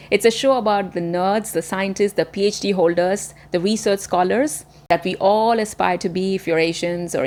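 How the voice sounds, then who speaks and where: A woman's voice: mid-range voice, darkish tone. A woman who hosts her own channel, a former media presenter, talking to camera in a chatty, enthusiastic way. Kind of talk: casual talking-to-camera recommendations.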